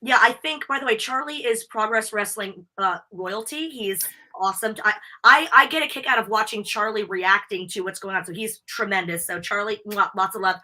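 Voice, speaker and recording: A young American woman on a live interview podcast, chatting in a bubbly, animated, talkative way. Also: medium pitch, normal speed, hardly any pauses. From United States. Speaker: wrestling interviewer and guest. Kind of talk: casual live interview chat.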